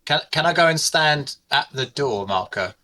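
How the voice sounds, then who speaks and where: Bright, lively man joking at the table. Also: a little high, normal speed. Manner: jokey, playful. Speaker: player. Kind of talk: casual tabletop game play.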